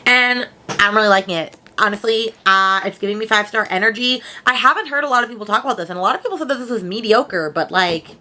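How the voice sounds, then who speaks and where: A woman's voice: mid-range voice, fast, bright, forceful tone, a little hiss or hum. A woman, chatting casually at home in a book vlog, rambling and full of slang. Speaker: book vlogger.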